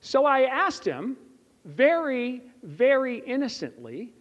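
A man with a high voice preaches in a chapel, speaking in an earnest storytelling way and putting questions straight to the people in the seats. The sound is slightly dull, and long reverb hangs in the hall around him. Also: sing-song, slow pace, fairly bright tone. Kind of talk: sermon with personal story.

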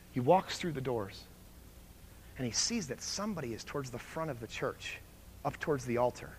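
A male preacher at a campus chapel service moves between vivid storytelling and low, earnest prayer. His voice sits at an ordinary middle pitch. A faint hum of room ambience runs underneath. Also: brisk. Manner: animated storytelling that drops to soft, hushed prayer. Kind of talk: sermon with story and altar call.

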